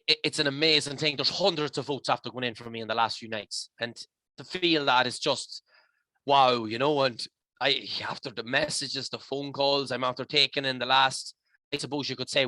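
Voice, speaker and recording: A man's voice: medium pitch, pushed and bright, no room sound. An emotional, passionate Irish man talking as a podcast guest in rambling, heartfelt casual chat. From Ireland.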